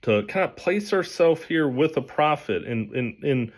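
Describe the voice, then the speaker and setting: A man teaching from the Bible in a relaxed, conversational way, often restarting his sentences. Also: fairly high pitch, measured pace. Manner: conversational, with frequent restarts and fillers. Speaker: pastor.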